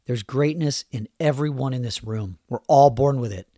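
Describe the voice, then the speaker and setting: A man's voice: mid-range voice, moderate pace, warm tone, no echo, clean studio sound. A middle-aged man hosting his own podcast, talking earnestly and from the heart about growth and communication, leaning on key phrases. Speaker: podcast host and youth coach. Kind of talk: personal motivational podcast monologue.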